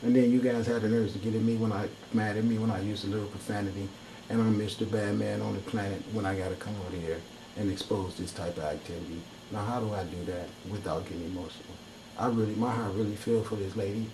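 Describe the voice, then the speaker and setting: A man's voice: fairly low pitch, steady tone, quick pace, noisy background. A man delivering heated, profane, preachy commentary in an angry rant. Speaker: video commentator.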